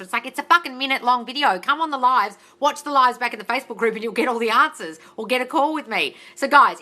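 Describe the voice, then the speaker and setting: Loud, blunt Australian woman. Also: on the high side. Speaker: mindset coach hosting a live Q&A. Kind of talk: casual live-stream Q&A, reading out comments. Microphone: phone livestream.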